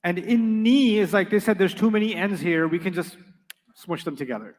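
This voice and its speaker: Guy teaching arabic grammar, high voice, keeps quizzing the class, echoey hall. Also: moderate pace, darkish tone. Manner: emphatic, repeats key points, quizzes students.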